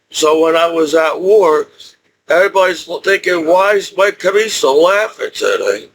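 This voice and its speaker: A middle-aged man with a notably high speaking voice delivers a loose, rambling personal monologue. He chuckles often between thoughts and circles back to the same points again and again. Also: fairly bright tone, rough recording. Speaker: military veteran vlogger.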